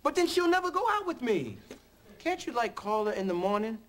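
Cocky flirty ad guy, lively high voice, hissy sitcom audio. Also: fairly quick.

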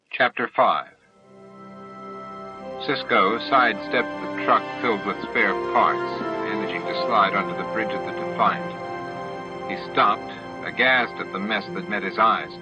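A man narrating an amateur audiobook in steady storytelling. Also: fairly low pitch, a little slow, muffled recording, over music. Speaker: audiobook reader.

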